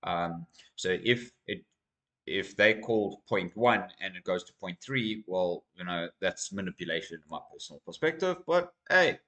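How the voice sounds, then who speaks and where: A man hosting his own crypto channel, with a fairly low voice. He talks to his viewers in an energetic, rambling manner, calling them guys as he walks through market data at his desk. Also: moderate pace. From South Africa. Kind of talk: casual market commentary to camera.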